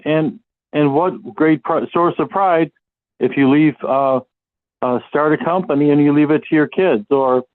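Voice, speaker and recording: A man with a Midwestern American accent hosting a podcast, talking earnestly and encouragingly with frequent fillers and restarts. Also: medium pitch. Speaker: podcast host. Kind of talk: casual solo podcast talk. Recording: tinny phone-like audio.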